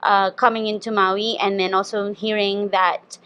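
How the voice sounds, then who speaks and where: A woman's voice: mid-range voice, flat delivery, clear, resonant tone, lo-fi sound. Friendly woman podcast host. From Philippines. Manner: friendly, quick to agree and laugh. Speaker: podcast host and donut shop owner. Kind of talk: casual podcast chat.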